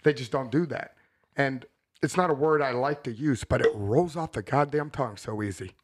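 A man's voice: medium pitch, moderate pace, husky. A man co-hosting a casual podcast chat, talking bluntly and thinking aloud with frequent restarts. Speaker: podcast co-host.

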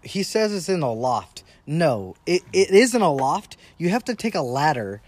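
A man's voice: a little high, very animated, measured pace, no echo. A man bantering and teasing his brother on a casual podcast. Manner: teasing, chimes in with jokes.

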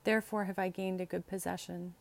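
A woman reads scripture passages and canticles aloud at a measured, steady pace, in a liturgical reading style. The sound is dry and close, with no room echo. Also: on the low side, creaky. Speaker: scripture reader.

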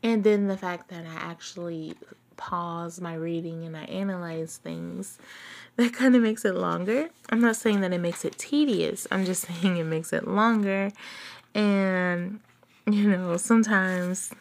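A woman with a slightly low voice reads a book aloud at an unhurried pace. She stops often to comment on what she has read in a casual, chatty way, laughing now and then. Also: creaky. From outside England. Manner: breaks off reading to chat and reflect, laughing often. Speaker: podcast host reading a book aloud.

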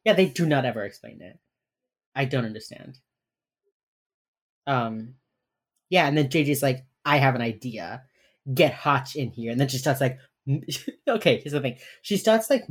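A woman's voice: a bass voice, a little mellow. A young woman co-hosting a podcast, chatting casually through a TV episode recap, swearing freely and acting out the characters' lines. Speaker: podcast co-host.

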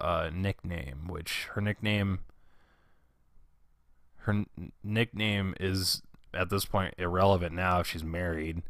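Young man, lowish tense voice, profane rambling storyteller, dry close mic. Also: pushed and bright, dry recording. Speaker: former school janitor telling work stories. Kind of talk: casual storytelling monologue.

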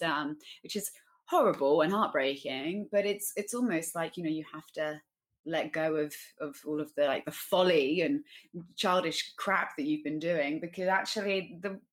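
A woman's voice: low voice, moderate pace. A woman co-hosting a casual discussion, informal and chatty, with plenty of "like" fillers. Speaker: podcast co-host.

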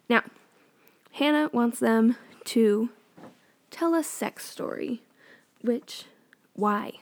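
A woman's voice: on the high side, creaky, a little mellow. A young woman chatting casually and sarcastically as a vlogger recapping a TV show, full of opinions. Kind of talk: casual chat.

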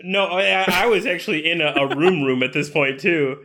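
A man co-hosting a casual podcast, telling anecdotes with lots of laughter and swearing, jumping up in pitch when he acts out what people said. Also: normal speed. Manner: animated storyteller, acts out quotes with big pitch jumps; swears freely, laughs often. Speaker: podcast co-host.

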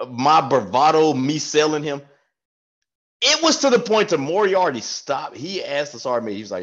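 A man telling an animated, profane army story with frequent laughs in casual podcast chat. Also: on the high side, normal speed. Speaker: podcast co-host, former staff sergeant. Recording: dull lo-fi sound.

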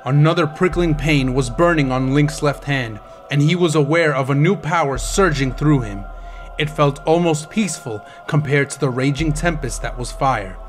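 A man narrates an audiobook with dramatic intensity, his voice sitting fairly high for a man. Soft music plays underneath the reading. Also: moderate pace.

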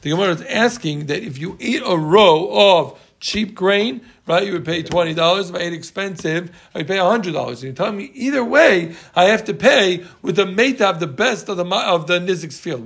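Animated gravelly-voiced man teaching. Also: high voice, a little fast, hardly any pauses. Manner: animated, repeats points emphatically, teasing students. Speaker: Talmud teacher. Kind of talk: Talmud class lecture.

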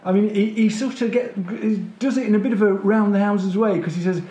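A man's voice: sits high, fairly even intonation, a little fast, warm tone, roomy sound. A man, making wry, critical remarks while chatting casually about a TV episode. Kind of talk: casual chat reviewing a TV episode.

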